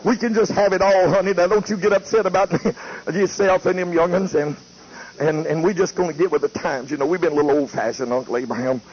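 A preacher doing old Lot, a sweet-talker. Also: male voice, sits high, steady tone, fairly quick, darkish tone, slightly rough, voice pushed up. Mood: giddy. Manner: folksy drawl, wheedling and sweet-talking. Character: worldly old patriarch Lot coaxing his wife. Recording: muffled lo-fi tape with faint hiss.

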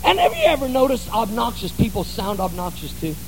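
A man's voice: sits high, huge pitch swings, fairly quick, darkish tone, a little hiss or hum, low-quality recording. A man pastor preaching a sermon in a church, telling stories in a folksy, conversational way. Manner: folksy storytelling.

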